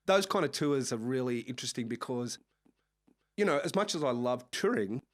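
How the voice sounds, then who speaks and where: A man with an Australian accent, a music manager telling lively anecdotes in a casual interview. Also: mid-range voice, normal speed. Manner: animated anecdotes with frequent laughs and acted-out quotes. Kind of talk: casual storytelling chat.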